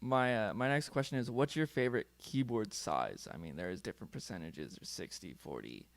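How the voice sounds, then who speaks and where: A man with a neutral American accent hosts a casual interview over a video call. His pitch moves around a lot as he chats, and the sound is close and dry. He laughs often between questions. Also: lively intonation, fairly quick, no echo. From California. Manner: friendly, laughs often, chatty. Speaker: podcast host.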